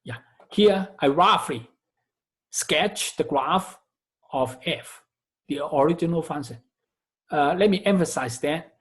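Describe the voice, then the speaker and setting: Slow, methodical male math instructor. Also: fairly high pitch, a bit bright. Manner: slow and methodical, repeats and corrects phrases. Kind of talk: recorded math lecture.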